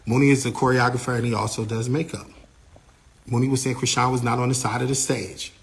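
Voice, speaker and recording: A man recounts a dramatic backstage event in a loose, conversational way. He is animated, slips into other people's lines as he tells it, and his speech is full of "like" fillers. His voice sits at an ordinary middle pitch for a man. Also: a little fast, creaky. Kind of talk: casual first-person storytelling.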